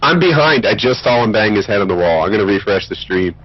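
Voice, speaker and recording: A man's voice: fairly low pitch, lively intonation, quick pace, dull audio. A man on voice chat, chatty and amused. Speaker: stream viewer on voice chat.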